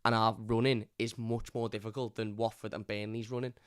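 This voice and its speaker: A man's voice: on the low side, level tone, fairly quick, clean tone, no echo, clean studio sound. A man hosting a live football fan review, frustrated, stumbling over and repeating his words and scolding his chat. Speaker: fan channel host.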